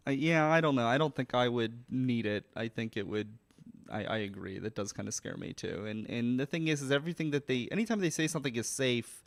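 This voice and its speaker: A man's voice: mid-range voice, animated, brisk, no echo. A man co-hosting a casual tech podcast, making brief agreeable remarks. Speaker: co-host. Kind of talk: casual chat.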